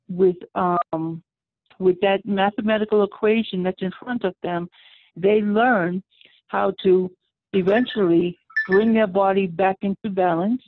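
A woman guest calling into a radio talk show, explaining her work in a steady, methodical way. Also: medium pitch, no room sound. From raised in the Roma community. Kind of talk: radio interview by phone. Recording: tinny phone line.

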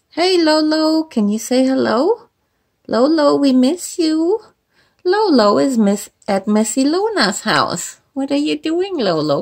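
A woman preschool teacher at home filming her pet bird on a phone, talking slowly and coaxingly to children and to the bird. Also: fairly high pitch. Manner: lively, coaxing, slow.

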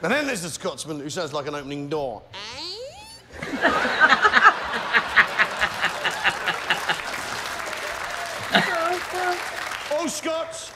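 A man's voice: high-pitched, gravelly. A man performing a stand-up comedy routine, bombastic and doing crowd work. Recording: noisy recording with loud audience.

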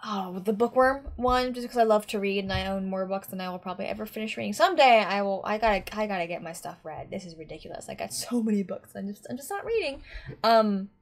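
A woman's voice: medium pitch, lively intonation, quick pace. A woman giving casual reaction commentary on an anime, talking in a rambling, chatty way with lots of restarts.

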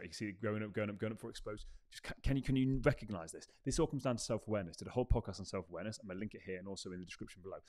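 A man's voice: fairly low pitch, darkish tone. A man hosting a self-help podcast, speaking emphatically and repeating his key phrases for effect. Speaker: podcast host. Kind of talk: motivational self-help talk.

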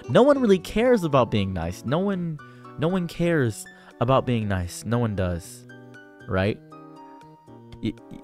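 A man hosting a commentary video, lecturing on dating in a sarcastic, preachy way and mocking others with exaggerated voices. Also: mid-range voice. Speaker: commentary channel host.

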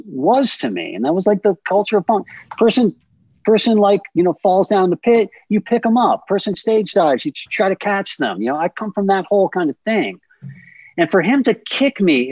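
A man in his fifties, a podcast guest, telling stories in a lively, profane way and acting out the scenes. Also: a little high, dry recording, lo-fi sound. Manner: animated, profane, acts out scenes. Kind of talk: casual storytelling.

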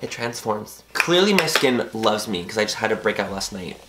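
A young man chatting through a makeup tutorial, animated and rambling, with casual swearing and frequent tangents. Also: fairly low pitch, normal speed, echoey room, very noisy. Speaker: beauty vlogger.

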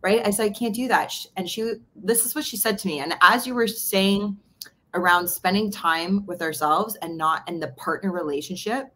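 A woman's voice: medium pitch, normal speed. A woman podcast host from Canada, candidly telling a personal story in a casual interview. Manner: candid, storytelling, animated retelling of dialogue.

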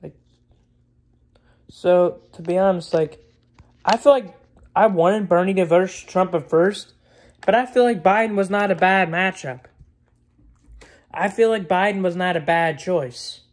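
A man's voice: high-pitched, unhurried, long pauses. A man vlogging in a casual, rambling rant, blunt and opinionated, repeating himself and swearing freely.

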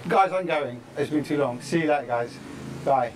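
A fitness coach leads a live-streamed workout outdoors in the tropics, chatty and encouraging, often checking in with "yeah?". His voice is medium-pitched at a normal speed, with a noisy background.

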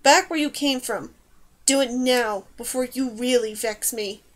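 A woman's voice: high-pitched, animated, moderate pace, fairly bright tone. A woman voicing a bold young heroine who commands animals. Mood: stern. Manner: commanding, raises voice to order.

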